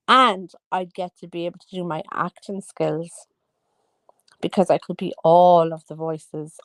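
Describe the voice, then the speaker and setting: A woman's voice: fairly low pitch, no echo. A woman talking in a rambling, chatty monologue, often losing her train of thought. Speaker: vlogger. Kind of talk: casual monologue.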